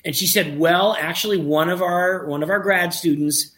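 A man telling a lively anecdote about making a documentary, acting out the quoted dialogue and often restarting his sentences. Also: sits high, moderate pace. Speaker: documentary filmmaker. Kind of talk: casual storytelling in an interview.

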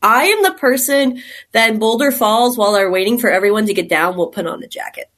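A woman's voice: on the high side, fairly quick, fairly bright tone. A woman from Texas, a caver, telling stories in a rambling, chatty way during a casual interview, laughing often. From Texas, USA. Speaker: guest caver.

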